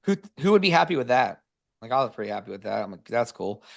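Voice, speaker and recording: A man telling casual stories about real estate investing in a webinar, energetic and full of "like" fillers, on a video call. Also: mid-range voice, very fast, gravelly. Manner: energetic, filler-heavy, says "like" constantly. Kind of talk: casual storytelling presentation.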